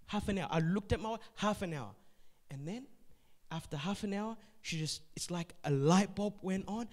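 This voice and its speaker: A man preaches with a notably high voice for a man, telling stories from the pulpit. He drops to a hush, then presses his points hard and repeats phrases for weight. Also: normal speed. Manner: storytelling preacher, swinging between hushed and forceful emphasis; repeats words and restarts phrases for emphasis. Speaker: pastor. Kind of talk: sermon.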